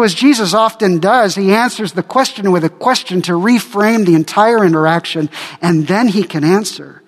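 A man's voice: on the high side, in a large hall. A male pastor preaching a sermon dramatically, acting out the quoted speakers.

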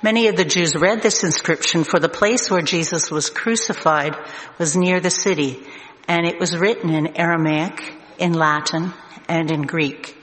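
A man reading scripture aloud as narration, slow and deliberate. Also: fairly high pitch, steady tone, fairly bright tone. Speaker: scripture reader. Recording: echoey hall, long reverb, faint noise.

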